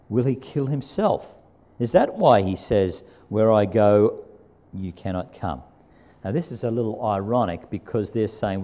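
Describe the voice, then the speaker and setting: Man preaching with a mellow voice. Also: medium pitch. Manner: conversational preaching, repeats key phrases; reads scripture aloud with emphasis. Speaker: pastor. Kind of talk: sermon. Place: church sanctuary.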